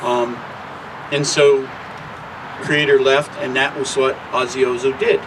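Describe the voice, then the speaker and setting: A man telling a traditional creation story at an unhurried, conversational pace, with occasional filler words, outdoors. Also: medium pitch, flat delivery. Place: outdoors near traffic. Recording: distant mic with loud traffic noise.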